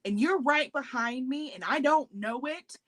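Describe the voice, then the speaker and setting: This is a young woman co-hosting a casual podcast, and her voice sits a little high. She is an animated storyteller who curses casually and acts out her own frightened squeals. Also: measured pace, dry recording. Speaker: podcast co-host. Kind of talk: casual chat.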